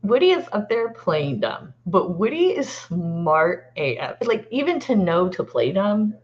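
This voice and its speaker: A woman who is a lawyer, chatting as a guest in an excitable, animated way and laughing often. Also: lowish voice, measured pace. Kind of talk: casual chat. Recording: dull lo-fi sound.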